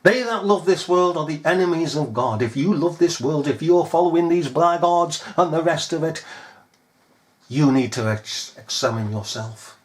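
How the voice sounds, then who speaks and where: A man's voice: fairly high pitch, lively intonation, moderate pace. A man preaching a fiery sermon, scolding his listeners with pointed rhetorical questions.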